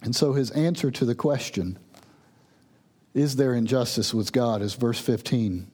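A man's voice: mid-range voice, measured pace, darkish tone, breathy edge. A man preaching a sermon, earnestly explaining and reading scripture verses with emphasis. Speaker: pastor.

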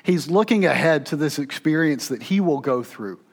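A high-voiced man delivering a sermon from the pulpit. He moves between loud, urgent stretches and quiet, hushed passages, telling the story with dramatic force. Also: animated, moderate pace. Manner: dramatic, swings between loud intensity and hushed near-whispers. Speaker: pastor.

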